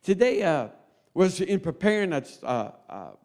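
A man preaching a sermon, folksy and close to tears, swinging between loud appeals and quiet asides. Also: high voice, sing-song, moderate pace.

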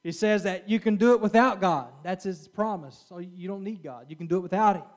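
A man's voice: high voice, a little fast. A middle-aged man preaching a sermon in an earnest way, often stopping for an amen and restarting his words. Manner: earnest, with frequent amens and restarts.

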